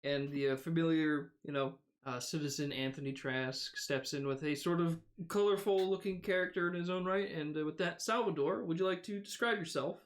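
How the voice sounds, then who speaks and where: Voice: medium pitch, fairly quick, few pauses. Casual game master narrating a tabletop game. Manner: casual, filler-heavy narration.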